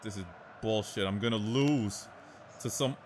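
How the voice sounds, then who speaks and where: A young man hosting his gaming channel, trash-talking and yelling at a soccer video game in casual commentary. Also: on the low side, unhurried, a little hiss or hum.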